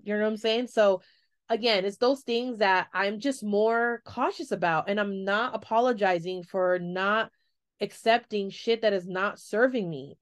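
A young adult woman hosting a solo podcast, talking frankly and expressively, swearing freely and acting out what people said. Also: mid-range voice. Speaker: podcast host. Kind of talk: candid solo podcast monologue.

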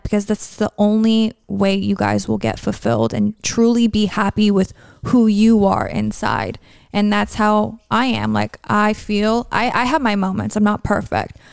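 A woman's voice: mid-range voice, gravelly, a little mellow, smooth, no echo, clean studio sound. A young woman hosting a podcast, chatting in a rambling, earnest way about her faith and daily life. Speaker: podcast host. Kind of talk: casual podcast chat.

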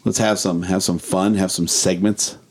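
A man's voice: sits low, flat delivery, normal speed, slightly rough. A man co-hosting a casual podcast, laughing and rambling through stories. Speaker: podcast co-host. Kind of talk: casual banter.

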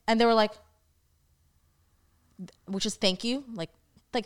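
A young woman from Staten Island, co-hosting a podcast and telling stories in a lively, casual way full of "like"s. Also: on the high side, clean tone. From Staten Island, New York. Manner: animated, quick storytelling with many "like"s. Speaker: podcast co-host. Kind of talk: casual storytelling chat.

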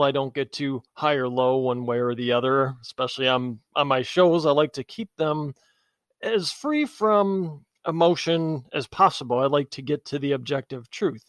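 A man's voice: a little high, dry recording. A man hosting a political talk show, delivering an angry, emphatic monologue that is blunt and insulting toward politicians.

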